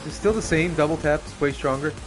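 A young man giving casual, profane live commentary on a racing game, excitable and often laughing. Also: fairly high pitch, fairly quick, music in the background. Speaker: streamer.

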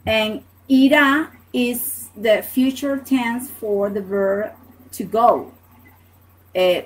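A woman gives an online language lesson in a slightly high voice. She speaks very slowly and patiently, with many fillers, and keeps pausing to ask "okay?". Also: poor audio. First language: Spanish. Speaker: Spanish teacher.

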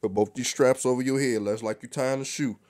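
A man's voice: medium pitch, steady tone, a little fast, darkish tone, no room sound, studio quality. A young man giving a casual, joking hair tutorial, cursing freely and talking in loose street slang. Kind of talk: casual how-to demonstration.

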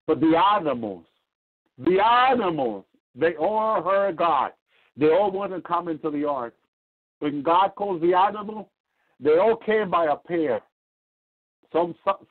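Man, radio sermon, fervent and repetitive, highish voice, phone-line sound. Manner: fervent, repetitive, rising to cries. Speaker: preacher.

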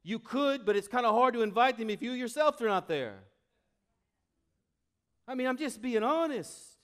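A male pastor preaching a sermon, animated, swinging from loud exclamations to quiet, intimate asides. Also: extremely high pitch, moderate pace.

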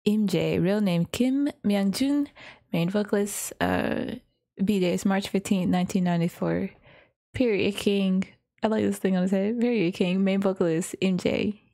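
A woman hosting a reaction video in casual commentary, laughing constantly and exclaiming in quick bursts. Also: mid-range voice, vocal fry, mellow.

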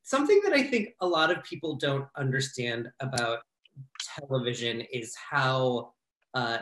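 A man moderates a panel with chatty, laid-back questions. His pitch moves around a lot, and the room echoes. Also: lively intonation, normal speed, a bit bright, a little hiss or hum. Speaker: interviewer. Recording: roomy echo.

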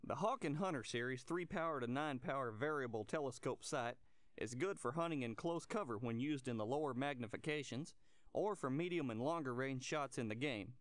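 Guy doing a salesy hunting-store clerk in an old pc game, flat pitchy sales talk, dead dry sound. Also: a little fast, no room sound, natural voice. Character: adult male hunting-gear shopkeeper, salesy. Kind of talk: scripted game dialogue.

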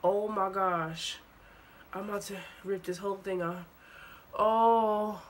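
A woman's voice: medium pitch, slight background noise. A young woman vlogging casually to camera, sick and sniffly, with exasperated chatter. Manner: exclaims and cries out in pain, then chats. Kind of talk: casual vlog talk to camera.

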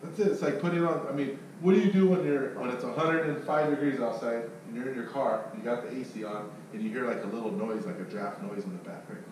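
A man's voice: mid-range voice, fast talker, few pauses. A man telling a sales story and coaching others, cursing freely and acting out the people in it. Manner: profane, animated storyteller who acts out voices. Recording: echoey room, distant mic, faint noise.

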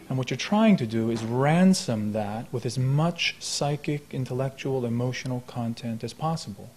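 A man giving a poetry reading at a live event, talking in a halting, reflective way with many fillers and restarts, then reciting his verse in a slow, measured voice. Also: medium pitch, warm tone, slight background noise. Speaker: poet. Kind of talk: poetry reading with spoken introduction. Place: lecture hall at a live event.

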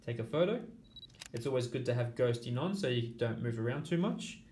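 A man's voice: medium pitch, a little fast, slight background noise. Man explaining steps in an echoey room. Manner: steady step-by-step explaining, counting aloud. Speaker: teacher. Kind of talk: screen-recorded tutorial walkthrough.

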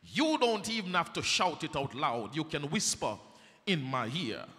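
A man preaching a sermon as an evangelist, in a dramatic, rhetorical style that swells to shouts. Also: fairly high pitch, sing-song, unhurried. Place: church sanctuary. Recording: echoey church hall.

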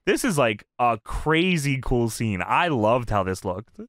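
Young male podcast co-host, lively pitch, dry close sound, laughs and swears a lot. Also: moderate pace, few pauses, dry recording. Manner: laughs often, swears, acts out quotes. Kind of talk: casual wrestling review chat.

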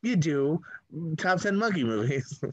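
A man's voice: on the high side, very animated, a little slow, muffled recording. A man co-hosting a show in casual chat, dropping short dry quips. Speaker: podcast co-host.

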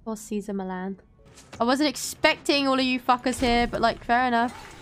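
A young woman in her twenties streaming gameplay, giggly and excitable, swearing freely as she comments. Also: fairly high pitch, normal speed, faint music behind.

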